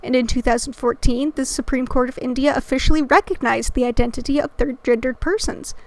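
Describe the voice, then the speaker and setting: A woman's voice: high voice, brisk. A woman hosting her channel, reading a scripted educational narration earnestly and dropping in casual slangy asides. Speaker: channel host.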